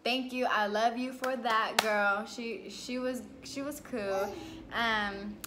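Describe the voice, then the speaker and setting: Woman vlogger, casual story to camera, lively and chatty, higher-pitched voice, jumps way up when quoting herself. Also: takes it slowly, background noise. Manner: lively, chatty, full of "like" and "you know"; acts out her own past lines with big jumps in pitch.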